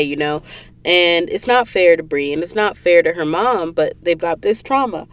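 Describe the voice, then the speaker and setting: A young Southern woman with a Southern accent hosts a podcast, recapping a book in a casual, animated way and acting out the characters' dialogue. Her pitch is fairly low and her pace moderate.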